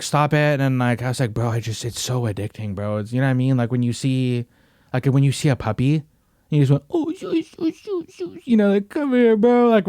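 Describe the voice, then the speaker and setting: A young man hosts a podcast, chatting casually in a slangy, rambling way full of "bro" and "you know what I mean." His voice is mid-range and a little mellow, with a dry, studio-quality recording.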